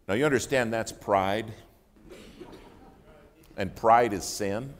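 A man preaching a sermon, telling a story with loud bursts and hushed asides. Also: fairly low pitch, normal speed, pauses often.

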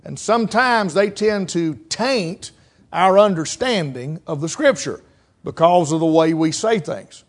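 A man's voice: on the high side, expressive, unhurried. A man preaching a sermon in a folksy, conversational way, with a Southern mountain accent, acting out little quotes as he teaches.

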